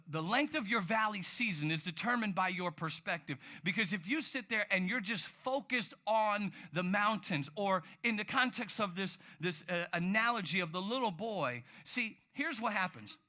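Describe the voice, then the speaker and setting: A man preaching a sermon, telling stories in an animated way with sudden loud outbursts. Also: high-pitched. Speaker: pastor.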